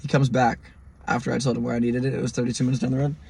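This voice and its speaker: A young man hosting a podcast, telling a story in an animated, profane way and mimicking the people in it. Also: medium pitch, very fast, vocal fry, breathy edge. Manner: animated, profane, mimics others in quoted lines. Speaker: podcast host. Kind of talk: storytelling monologue.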